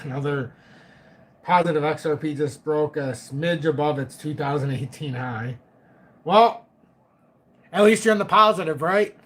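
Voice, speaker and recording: A man's voice: a little high, a bit bright. A middle-aged man hosting a live chat stream, joking, laughing often and swearing casually. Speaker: livestream host.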